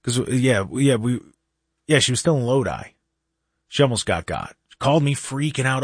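Animated talk radio host, dry studio sound. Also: male voice, mid-range voice, moderate pace, husky, no echo. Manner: animated storyteller, acts out quotes. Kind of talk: casual talk radio chat.

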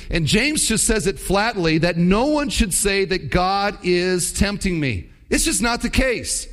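High-voiced man preaching a sermon. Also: animated, a little slow, hardly any pauses, fairly bright tone. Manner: conversational, emphatic teaching with rhetorical questions.

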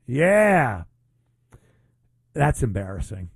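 A man's voice: medium pitch, animated, a little slow, noisy background. A man hosting his own commentary show, talking in a sarcastic, mocking way. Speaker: podcast host. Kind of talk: opinionated commentary.

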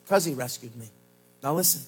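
A man pastor preaching a sermon at a church service, swinging from shouted lines to low, slow emphasis. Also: lively intonation, breathy edge, soft background music.

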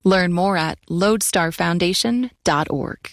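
A woman announcer reading funding credits in a smooth, scripted way. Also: lowish voice, unhurried, dry recording, clean studio sound. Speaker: sponsor announcer.

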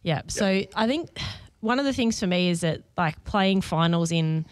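A woman co-hosting a casual sports chat, friendly and gently teasing. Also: lowish voice, expressive, moderate pace, no echo. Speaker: co-host.

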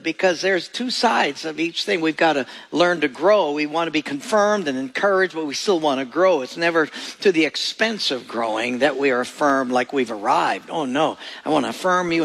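A middle-aged pastor preaches a sermon built around stories, acting out the voices of the people in them. His voice is on the high side, gravelly and fairly bright.

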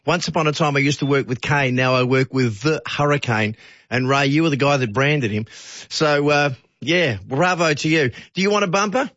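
An Australian man hosting a phone-in radio show, with brisk, jokey, upbeat banter. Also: on the high side, a bit bright, no echo. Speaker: radio host. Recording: slightly dull radio audio.

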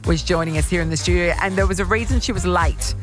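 Man, radio host, high voice, casual banter, music behind. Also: fast talker, fairly bright tone. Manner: chatty, teasing, laughs often.

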